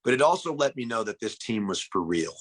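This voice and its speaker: A man's voice: fairly low pitch, sing-song, fairly quick, breathy edge. A man talking about making a film in a casual interview, earnest and reflective, often restarting his sentences. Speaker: actor in the film.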